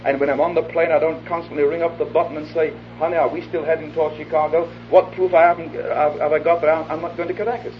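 A man preaching an evangelistic sermon to a live gathering, his voice sitting slightly high. He talks earnestly, acts out little exchanges, and sinks to a close hush when he makes his appeal. The recording is a dull, lo-fi old tape with a faint hiss underneath. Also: little pitch movement, fast talker, hardly any pauses. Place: hall before a live audience.

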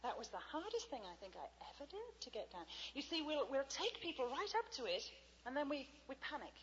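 A woman preaching a sermon, telling a personal story with lively acted-out voices and sudden drops to a near whisper. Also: high voice, brisk. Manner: animated storytelling, acting out quoted voices, dropping to a near whisper. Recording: dull lo-fi recording with faint hum.

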